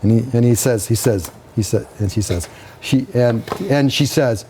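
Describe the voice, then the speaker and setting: A man narrating as game master in a live tabletop game, halting and restarting as he describes the scene. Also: mid-range voice, mellow, a little hiss or hum. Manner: slow, halting, with many restarts.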